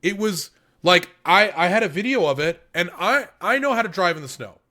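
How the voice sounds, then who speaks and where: A man's voice: high voice, animated, normal speed, pushed and bright. A man co-hosting a podcast, ranting with lots of swearing in an exasperated, casual way. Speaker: podcast co-host.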